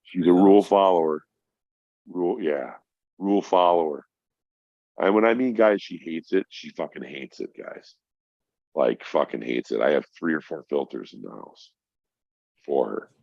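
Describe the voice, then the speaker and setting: Very deep-voiced middle-aged man, swearing freely. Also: expressive, normal speed, creaky, pauses often, no echo. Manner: profane, emphatic, addresses host as bro. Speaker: podcast guest. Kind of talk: casual storytelling chat. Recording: dry, dull lo-fi sound.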